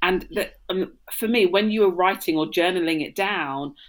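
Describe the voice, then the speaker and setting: A woman with a somewhat low voice co-hosting a Christian podcast. She reflects on forgiveness in a calm teaching manner. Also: moderate pace. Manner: affirming listener, then reflective teaching. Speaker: podcast co-host.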